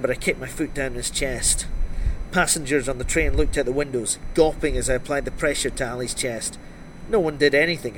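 A man reading a first-person crime novel aloud in a dry, wry, steady storytelling voice. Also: medium pitch, a little hiss or hum. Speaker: audiobook narrator.

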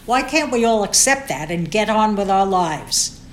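A woman's voice: mid-range voice, expressive, a little slow, a little hiss or hum, lightly acted. Woman doing a defensive, exasperated middle-aged husband. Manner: exasperated, pleading. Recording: roomy echo.

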